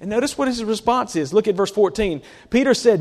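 A man preaching in a church sanctuary, his voice sitting high for a man. He keeps the sermon conversational and often turns to his listeners with rhetorical questions. The sound rings with a long reverb from the big hall. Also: animated, brisk, hardly any pauses, darkish tone.

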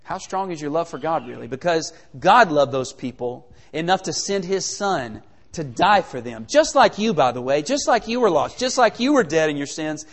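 In a large hall, a man with a fairly high voice delivers a sermon at normal speed. His style is lively and conversational, leaning heavily on rhetorical questions.

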